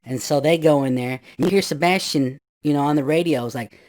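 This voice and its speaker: A man in his fifties telling a spooky true story in a loose, rambling way, full of "you know" asides, sometimes shouting out what others said. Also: fairly high pitch, fairly quick. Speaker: guest storyteller. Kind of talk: casual spoken ghost story.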